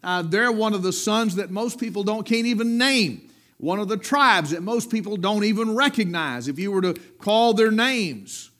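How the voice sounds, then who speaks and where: A middle-aged man preaching a sermon, with rising emphatic peaks and low dropped endings. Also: animated, moderate pace, a bit bright.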